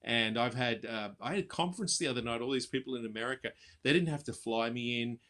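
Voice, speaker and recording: Male impersonator, chatty interview guest on a video call, bright tone. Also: medium pitch. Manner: chatty, quick laughs, drops into voices. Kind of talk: casual interview chat.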